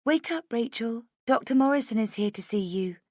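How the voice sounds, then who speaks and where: A woman voicing a kind, caring female nurse in an audiobook, reassuring and brisk. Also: a little high, expressive, dry recording, studio quality, pitched above the performer's own voice. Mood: kindly. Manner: bright, kindly reassuring. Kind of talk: audiobook dialogue.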